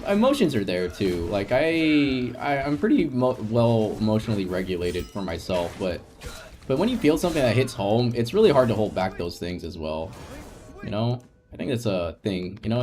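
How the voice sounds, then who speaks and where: A man whose mid-range voice is a little mellow chats casually with viewers during a game stream. He rambles openly and emotionally, offering reassurance, laughing a lot and frequently starting his sentences again.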